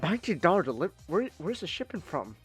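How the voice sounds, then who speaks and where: A man hosting a live stream in casual chat, joking and swearing freely, often bursting into loud outbursts. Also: fairly high pitch, very animated, fast, husky, soft background music. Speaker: streamer host.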